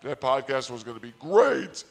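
Man, comic storyteller, sarcastic deadpan, gravelly voice, faint music underneath. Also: medium pitch, moderate pace. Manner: deadpan, mock-naive sarcasm. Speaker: podcaster. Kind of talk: comedic storytelling monologue.

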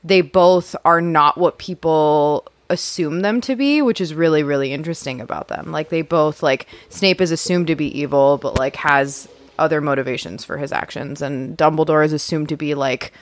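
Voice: medium pitch, normal speed, hardly any pauses, no room sound. A podcast co-host chatting casually and swearing freely. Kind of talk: casual chat.

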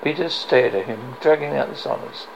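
A man with a very gravelly voice reads a novel extract aloud for radio. He stumbles and restarts now and then. A faint hiss sits under the reading. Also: mid-range voice, moderate pace, poor audio. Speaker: radio reader.

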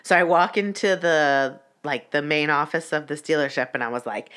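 Low-voiced woman telling a heated story. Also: normal speed, hardly any pauses, a bit bright. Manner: profane, heated, many "like" fillers. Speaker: vlogger. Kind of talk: casual storytelling.

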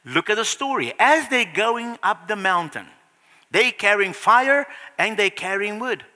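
A male preacher telling a Bible story in a sermon, animated, with frequent restarts and sudden hushed passages, in a reverberant church hall. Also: sits high, measured pace.

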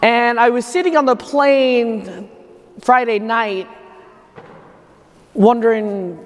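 A man's voice: very high-pitched, slow pace, pauses often. A priest speaks from the front of a church, his homily loose and conversational as he tells a personal story. Each sentence trails off into a long, echoing reverb from the hall around him. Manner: conversational storytelling, thinking aloud. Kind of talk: homily at Mass.

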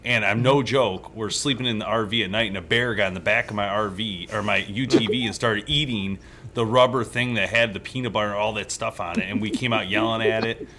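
A man's voice: fairly low pitch, fairly even intonation, a little fast, pushed and bright, slight background noise. A man hosting a casual live-stream chat, telling stories animatedly and laughing often. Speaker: host.

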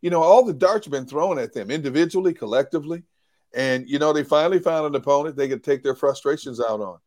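A man with a somewhat high voice, analyzing a game on a post-game show. He talks in an animated way, repeats his words and acts out what others said. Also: quick pace. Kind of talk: casual sports talk.

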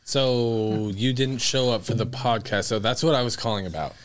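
A man's voice: medium pitch, normal speed, smooth, no echo. A man hosting a podcast, chatting casually and joking with his co-hosts, swearing freely. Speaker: podcast host. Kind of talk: casual chat.

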